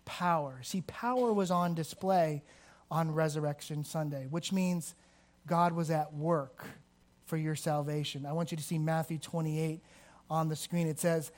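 A man preaching a sermon to a congregation, swinging between emphatic rises and slow, quiet stresses. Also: a little high, fairly even intonation. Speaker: pastor. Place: church hall with a congregation.

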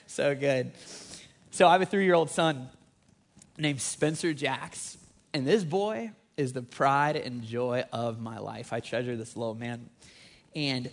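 A man in his thirties preaching a sermon with energetic, conversational emphasis that rises on key points. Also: medium pitch, measured pace. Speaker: pastor.

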